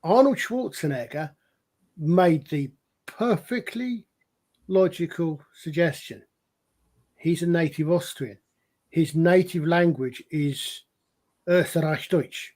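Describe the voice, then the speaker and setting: A man with a somewhat high-pitched voice, talking in a relaxed, chatty way. He rambles through long explanations as a podcast co-host, doubling back and restarting his points as he goes. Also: takes it slowly, pauses often. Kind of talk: casual chat.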